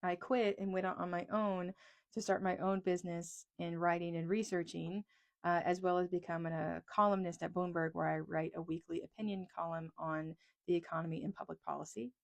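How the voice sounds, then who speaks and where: Speaking casually to camera from a small closet, this East Texas economist and video creator is chatty, candid and self-deprecating. Her fairly low voice is gravelly and fairly even, with a brisk delivery, picked up by a lapel mic clipped to a pencil.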